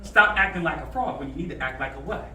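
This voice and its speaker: A man giving a motivational talk to high school students, drawing answers from the room and telling stories, recorded in a roomy classroom away from the mic. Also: quick pace, recorded from a distance, background noise. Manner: animated, calls for answers, storytelling. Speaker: motivational speaker.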